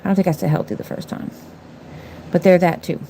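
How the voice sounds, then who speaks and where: A woman's voice: on the low side, steady tone, fairly quick, gravelly, warm tone, a little hiss or hum. A middle-aged woman doing nails on a livestream, talking casually and bluntly, sassing viewers in the chat. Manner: blunt, sassy, talks back to chat viewers. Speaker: nail artist livestreaming.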